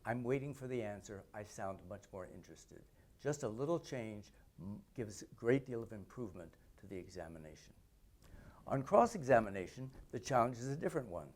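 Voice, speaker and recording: Man teaching courtroom questioning, deliberate tone. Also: fairly low pitch, sing-song. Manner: deliberate, demonstrates questioning tones. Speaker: trial advocacy teacher. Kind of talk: instructional talk with mock courtroom questioning.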